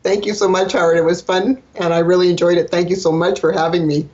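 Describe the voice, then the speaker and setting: A woman from Canada, a guest on an interview podcast, explaining things in a steady, friendly way. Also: on the low side, quick pace, highs cut off, slight background noise. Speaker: guest, dental hygienist and communication trainer. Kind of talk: casual interview chat.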